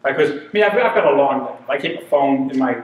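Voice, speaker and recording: At medium pitch and a fast clip, a sixties-aged humorist spins funny stories, animatedly voicing characters and chuckling through the punchlines. The recording is noisy and echoey with the highs cut off, his voice coming from a distance.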